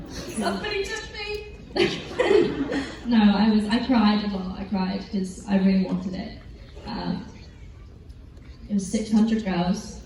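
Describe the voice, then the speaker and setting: A teenage girl with an English accent, an actress appearing on a convention panel, answers fans' questions in a chatty, giggly, rambling way full of fillers. Her voice has a medium pitch and a dark tone. The recording comes from far off in a large, echoey hall, with faint noise.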